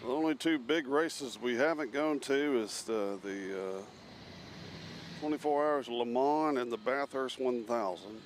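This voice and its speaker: A man's voice: medium pitch, a little slow. Guy doing live plane commentary outside, chatty, a bit of outdoor hiss behind. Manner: chatty, reads out chat messages. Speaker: live stream host. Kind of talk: casual commentary while planespotting. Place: outdoors near an airport.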